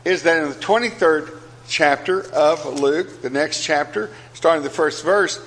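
A man's voice: a little high, unhurried, fairly bright tone, low-quality recording. A man preaching a sermon, reading scripture aloud and repeating key phrases with earnest emphasis.

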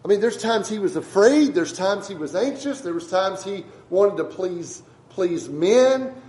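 A man's voice: sits high, lively intonation, a little slow, darkish tone, roomy sound, poor audio. A man preaching a sermon to a congregation in a conversational way, often asking them questions. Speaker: pastor.

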